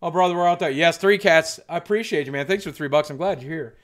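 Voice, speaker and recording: Chatty high-voiced male streamer. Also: quick pace. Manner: chatty, rambling, thanking viewers. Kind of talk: casual live-stream chat.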